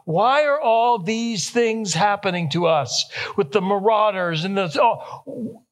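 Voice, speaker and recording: A man's voice: high voice, slow pace, few pauses. A young man preaching a sermon, stressing key phrases and repeating them, rising with feeling on quoted questions. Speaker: pastor.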